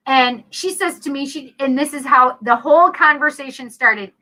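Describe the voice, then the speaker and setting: A woman with a high, bright voice tells a story on a casual radio talk show. She is animated and chatty, and her lines run on with "I'm like" and "literally.". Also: moderate pace, low-quality recording. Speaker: radio co-host.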